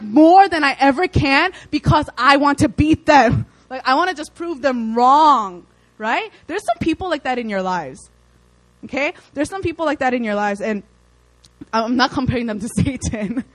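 A young woman delivers a casual sermon in a fairly high voice. She keeps it chatty and lively, breaking into playful acted quotes. The sound is dry and close. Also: dry recording, rough recording. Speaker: preacher.

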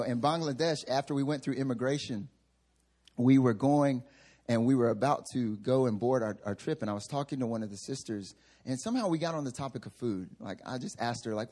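Husky-voiced male pastor preaching. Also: mid-range voice, darkish tone. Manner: humorous storytelling, self-mocking. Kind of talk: sermon. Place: church sanctuary.

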